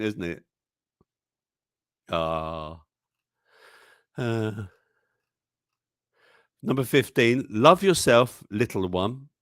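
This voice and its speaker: A man with a low, lively voice hosts a casual live stream and reads memes aloud, chuckling as he goes. His voice swings up and down with animation, recorded dry and close. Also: dry recording. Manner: chatty, chuckles often, warmly exclaims over what he shows. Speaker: livestream news show host.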